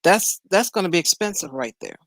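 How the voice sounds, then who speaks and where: A woman's voice: on the low side, big pitch swings, brisk, fairly bright tone, no echo. A woman from Chicago hosting a news reaction show from home, ranting bluntly and in exasperation. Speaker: host.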